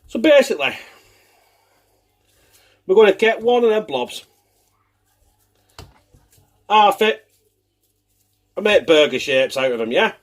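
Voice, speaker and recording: Guy cooking at home, fairly high voice, sweary and chatty, keeps laughing. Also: big pitch swings, slow, pauses often. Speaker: cooking show host. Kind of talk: casual cooking demonstration.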